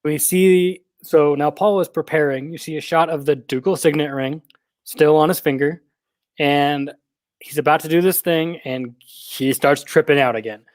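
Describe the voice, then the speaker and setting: A man co-hosting a podcast, chatting casually and retelling film scenes with lively acted-out quotes. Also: a little high, normal speed, dry recording. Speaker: podcast co-host. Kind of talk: casual film recap chat.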